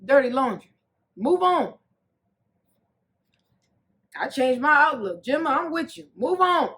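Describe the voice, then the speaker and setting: A woman hosting a TV episode recap, her voice sitting a touch high for a woman. She talks in a sassy, animated way, bursting into loud jokes and then dropping into soft, earnest asides. It is casual, opinionated commentary. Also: slow pace. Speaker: recap host.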